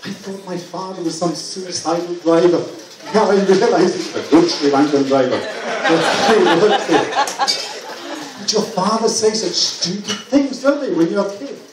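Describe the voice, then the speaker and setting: A man's voice: high-pitched, animated, normal speed, background noise. A middle-aged man doing a stand-up set, chatty and often asking the crowd for agreement, on a club stage with a handheld mic. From England. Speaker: stand-up comedian. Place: comedy club stage with live audience. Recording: echoey club, far mic, loud crowd.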